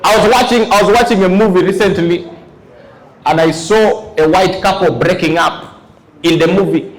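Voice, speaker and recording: A man doing stand-up comedy in front of a live audience, telling animated stories and acting out his characters. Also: sits high, normal speed. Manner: animated storytelling, acts out characters. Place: large live venue. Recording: echoey hall, loud crowd laughter.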